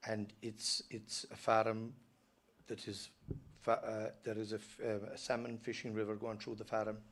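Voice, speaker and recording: An Irish dairy farmer giving an earnest, halting personal talk at a live event, often stopping to restart his sentences. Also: fairly low pitch, completely flat delivery. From Ireland. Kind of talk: personal storytelling speech.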